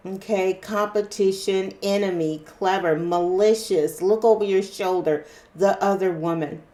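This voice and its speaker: A woman's mid-range, mellow voice with fairly even intonation carries a casual tarot card reading for a viewer. She moves at an unhurried pace and keeps asking "okay?".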